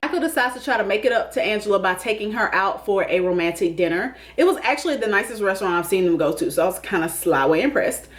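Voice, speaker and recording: A woman's voice: medium pitch, animated, quick pace, few pauses. A woman hosting a casual comedic TV recap, sassy, calling people honey and baby and laughing often. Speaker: YouTube TV recap host.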